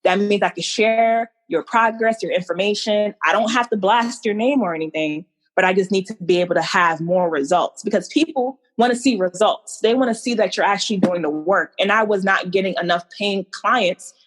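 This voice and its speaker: A woman from New Jersey, a guest in an interview, telling her own story in a lively way and acting out the lines of the people in it. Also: normal speed, hardly any pauses. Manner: animated, acts out quoted dialogue with big pitch swings. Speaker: entrepreneur guest.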